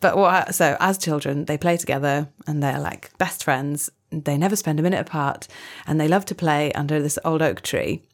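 A woman's voice: deep voice, moderate pace, hardly any pauses. A Welsh woman guest telling a folk tale in a chatty podcast conversation, laughing often. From Wales. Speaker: guest storyteller. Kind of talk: casual storytelling chat.

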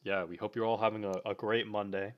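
A man's voice: on the low side, level tone, quick pace, lo-fi sound. A young man co-hosting a casual live podcast, talking loosely with lots of fillers. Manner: loose, rambling with fillers and laughs. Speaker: podcast co-host.

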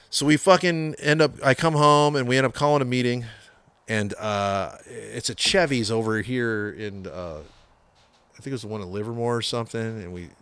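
A man from the San Francisco Bay Area, a metal guitarist telling his band's story in a casual, profane, animated way, acting out what people said. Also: medium pitch, normal speed, smooth. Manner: profane, animated storyteller, acts out quoted voices.

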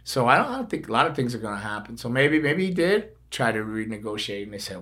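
An older man, a former wrestler hosting a podcast, talking in a rambling, animated way full of asides. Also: mid-range voice, quick pace. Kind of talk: casual chat.

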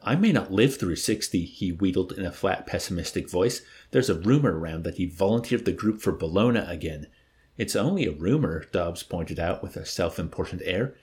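A man's voice: low voice, expressive, brisk, darkish tone. A man reading a novel aloud and acting out its dialogue, then chatting about the chapter. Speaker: book club reader.

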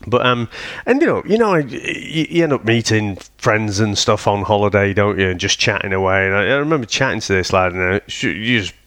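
A man's voice: fairly low pitch, expressive, fairly quick, a bit bright, no room sound, studio quality. A man, telling stories on a casual podcast, swearing freely and laughing often. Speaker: podcast co-host. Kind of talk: casual chat.

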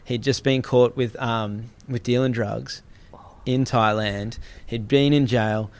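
Animated Australian man telling a story. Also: mid-range voice, takes it slowly. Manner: animated, swears freely, acts out the people in his story. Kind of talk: casual storytelling on a podcast.

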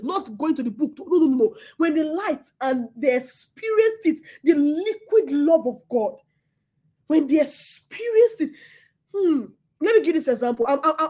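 A woman's voice: sits high, a little mellow. A woman preaching a sermon with passion, who repeats her words and swings between laughter and near tears.

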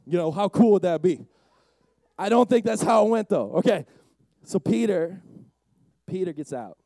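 A young man preaching a lively youth sermon, shouting and acting out the characters of the story. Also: high voice, normal speed, dry recording. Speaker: youth pastor.

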